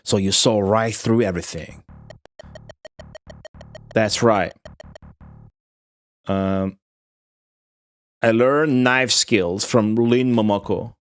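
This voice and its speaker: Give me a young man drawling through a casual live stream, dropping swear words and answering chat at an unhurried pace. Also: mid-range voice. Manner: profane, offhand, answers chat. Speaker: streamer playing retro games.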